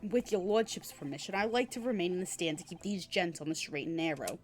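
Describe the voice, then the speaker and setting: A woman voicing a gruff male police inspector in a put-on exaggerated Boston accent, blustering and offended. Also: lowish voice, fairly quick, a little mellow, a little hiss or hum, pitched below the performer's own voice, close to an everyday voice. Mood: indignant.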